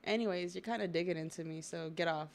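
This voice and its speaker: Young woman streamer reacting to a comic, low gravelly voice, lots of bruh and y'all. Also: fast. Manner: slangy and excitable, says bruh and y'all. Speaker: livestreamer reading and reacting to a comic. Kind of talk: casual reaction chat.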